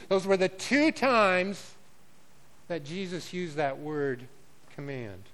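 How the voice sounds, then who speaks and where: A man preaching a sermon as pastor, swinging between loud declarations and quiet, conversational asides. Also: high-pitched, lively intonation, slow, rough recording.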